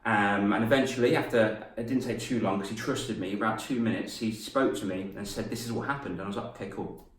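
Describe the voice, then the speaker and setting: Young male coach, lively storyteller who acts out voices, middle pitch, recorded from a distance with a roomy echo. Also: brisk, hardly any pauses. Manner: animated, laughs at his own stories, acts out voices. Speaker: confidence coach and former teacher. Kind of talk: storytelling lesson to camera. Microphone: camera mic. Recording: roomy echo, mic set back.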